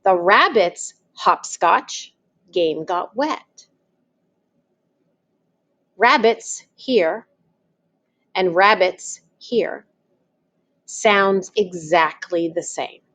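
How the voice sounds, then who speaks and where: A woman's voice: on the low side, extremely slow, long pauses, fairly bright tone. A woman teaching, talking patiently and spelling things out step by step. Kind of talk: slow, deliberate classroom explanation.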